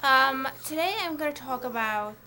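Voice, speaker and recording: A woman's voice: high voice, moderate pace, pushed and bright, slight background noise. A young woman talking casually to camera on a shared vlog channel, rambling with many fillers and restarts. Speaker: vlogger on a collab channel.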